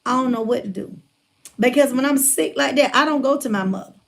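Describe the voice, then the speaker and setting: A motivational speaker telling a personal story in a casual, folksy way, retelling conversations and calling listeners by name, still getting over a chest cold. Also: female voice, high-pitched, a little fast, vocal fry. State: recovering from chest cold, congested breathing. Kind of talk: casual testimony talk.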